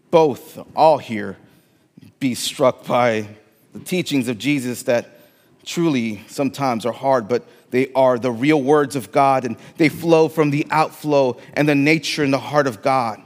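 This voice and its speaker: Slow, deliberate Latino-accented pastor. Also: male voice, mid-range voice, in a large hall. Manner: emphatic, repeats phrases for weight. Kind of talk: sermon. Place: church sanctuary.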